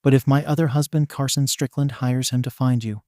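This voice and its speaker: Casting: a man voicing a desperate scheming woman in an audiobook, pleading and urgent, low dry voice. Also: fairly even intonation, brisk, dark tone, no room sound, close to an everyday voice.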